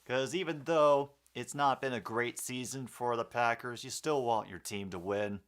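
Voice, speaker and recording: A man's voice: mid-range voice, normal speed, fairly bright tone. A young man casually calling a football game play by play and chatting with viewers, with a rambling, filler-heavy way of talking. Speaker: host of a sports commentary stream.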